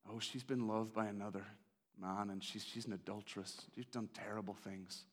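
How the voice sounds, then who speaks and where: A man voicing God as a tender, grieving father who speaks softly and gently. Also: low voice, fairly even intonation, pitched below the performer's own voice. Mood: solemn. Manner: soft, slow and gentle.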